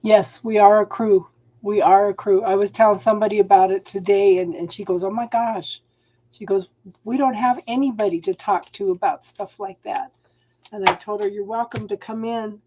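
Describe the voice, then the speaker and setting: A middle-aged woman, hosting a live tarot reading and advising viewers in a warm, encouraging way, calling them hon. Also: mid-range voice, steady tone, normal speed. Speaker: tarot reader and channel host.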